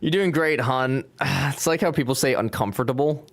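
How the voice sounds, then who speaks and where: A young Louisiana man with a Cajun accent talks at normal speed in a medium-pitched voice with vocal fry. Streaming as he builds, he chats casually, jokes, and reads his live chat aloud.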